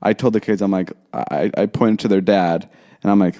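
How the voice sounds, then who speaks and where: A man's voice: fairly low pitch, fairly even intonation, moderate pace, mellow. A young man co-hosting a podcast, telling a long story in casual chat, rambling and animatedly quoting the people in it. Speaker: podcast co-host.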